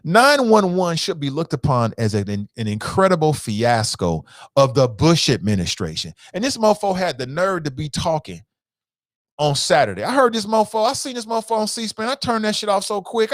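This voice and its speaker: A male talk radio host in his fifties delivers a blunt, profane monologue, hammering his points home by repeating them. His pitch rises and falls with lively swings. The sound is dry and close, with no room around it. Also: moderate pace, no echo. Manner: blunt, profane, impassioned, repeats phrases for emphasis.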